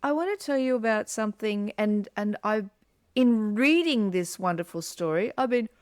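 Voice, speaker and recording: A woman co-hosting a podcast in casual chat, animated and acting out yawns as she explains. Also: medium pitch, moderate pace, clean tone, dry recording, studio quality. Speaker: podcast co-host.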